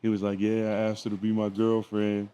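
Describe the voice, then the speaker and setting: A middle-aged man co-hosting a casual chat, telling stories in a relaxed way and acting out family dialogue. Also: lowish voice, brisk, smooth. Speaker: podcast co-host.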